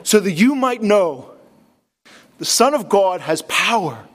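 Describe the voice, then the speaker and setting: A man, a pastor, preaching a sermon with earnest, emphatic delivery, repeating key phrases and dropping to a low, hushed voice when quoting. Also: very animated, slow. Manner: drops to a low, hushed voice to quote Jesus.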